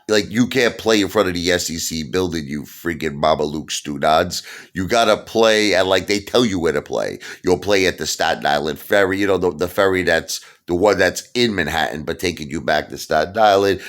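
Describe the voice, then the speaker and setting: A man in his fifties with a Brooklyn accent, ranting loudly and heatedly in a vlog monologue, breaking into shouts. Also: deep voice. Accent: Brooklyn New York. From Brooklyn, New York. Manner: loud, heated, bursts into shouting. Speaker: YouTube vlogger.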